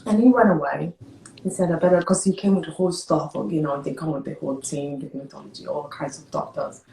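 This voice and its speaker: A woman's voice: low voice, vocal fry. Woman telling a story in a roomy echo. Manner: animated, emotional, speaks hurried and broken. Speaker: interview guest. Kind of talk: personal storytelling in an interview.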